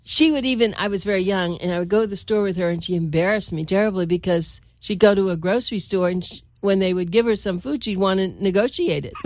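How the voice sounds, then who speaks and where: A woman's voice: medium pitch, moderate pace, no room sound, studio quality. Chatty woman hosting an interview. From Miami Beach, Florida. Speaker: host. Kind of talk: casual interview talk.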